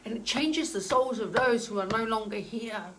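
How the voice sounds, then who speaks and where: A woman's voice: a little high, moderate pace, low-quality recording. A woman, a spiritual medium, telling a story in a casual way, earnest and emotional, with many hesitant ums.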